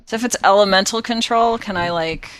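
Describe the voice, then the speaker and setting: A tabletop game player talking casually, thinking out loud and laughing often. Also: medium pitch, a little fast, slight background noise. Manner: casual and giggly, thinks aloud.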